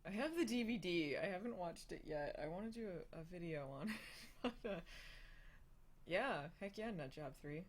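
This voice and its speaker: A woman's voice: lowish voice, lively intonation, moderate pace. A young adult woman hosting a casual live stream, answering viewer questions with frequent laughs, fillers and restarts. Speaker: host of a live hangout.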